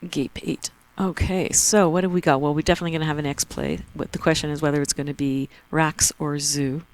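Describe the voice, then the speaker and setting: A woman with a Canadian accent giving chatty, excitable live commentary on a board game tournament. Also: deep voice, a little fast, low-quality recording. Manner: chatty, excitable, laughs easily.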